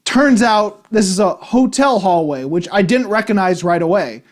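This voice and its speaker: A man with a high voice talks through a film review in a loose, rambling way. He keeps restarting sentences and sounds exasperated by what he saw. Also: animated, moderate pace. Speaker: movie reviewer. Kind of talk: casual spoken film review.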